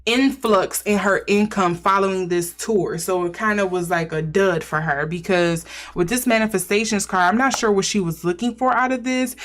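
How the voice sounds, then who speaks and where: A woman at a middle pitch talks through a tarot spread in a relaxed, chatty way. She muses and thinks aloud, wondering and speculating as she goes. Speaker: tarot reader. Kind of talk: casual intuitive tarot reading.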